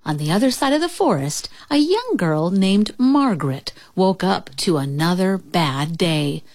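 A woman reading a children's storybook aloud in an expressive, lively manner. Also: lowish voice, a little slow, no echo, studio quality.

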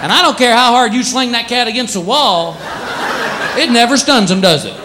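A middle-aged male stand-up comedian telling stories in a wry, animated, conversational way before a live audience. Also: very high-pitched, normal speed, noisy background. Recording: live show with loud crowd laughter.

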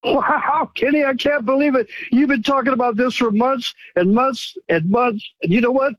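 A man's voice: very high voice, normal speed, a bit bright, dry recording, dull audio. A male caller on a radio phone-in who talks in a gushing, grateful, emotional way. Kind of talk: phone-in call.

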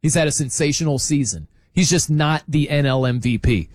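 A man hosting a sports talk show, arguing his point in an incredulous, animated rant with laughs between points. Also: a little high, a little fast, no room sound, poor audio.

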